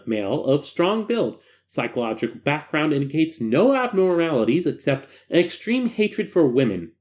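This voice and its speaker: A man narrating a creepy case file, then slipping into joking, self-mocking asides. His fairly high voice is lively, rising and falling freely as he reads and comments. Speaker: narrator and host. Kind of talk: reading a horror file with casual commentary.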